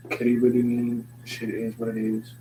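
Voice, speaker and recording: A man's voice: mid-range voice, monotone, normal speed. A young man rambling through a joking, slangy, stream-of-consciousness vlog with loose swearing. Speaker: vlogger. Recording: noticeable background hum.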